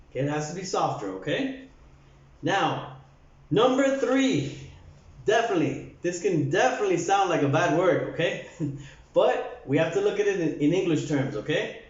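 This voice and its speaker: A man teaching an English lesson to Spanish speakers, speaking slowly and repeating words for practice. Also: high voice, animated. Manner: slow, repeats words for drills. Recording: echoey, dull lo-fi room sound.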